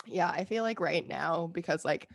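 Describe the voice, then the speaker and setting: A woman co-hosting a casual podcast, her lowish voice gravelly and groggy from a strained throat. She rambles through stories with fillers and laughter. The sound is dry and close. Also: expressive, moderate pace, no echo. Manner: chatty storyteller, laughs often, many fillers. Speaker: podcast co-host. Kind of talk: casual chat.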